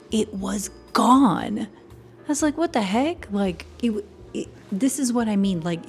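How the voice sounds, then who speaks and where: Chatty woman with a gravelly edge. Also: medium pitch. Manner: chatty, animated, laughs often, drops into whispers. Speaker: performing arts commentator. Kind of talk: casual commentary. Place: home room.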